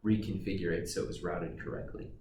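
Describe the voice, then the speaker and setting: Deep-voiced man explaining in a roomy room. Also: fairly even intonation, quick pace. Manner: explanatory, with fillers and dry jokes. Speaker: guest dispatcher. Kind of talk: casual podcast chat. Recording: roomy, distant mic with background noise.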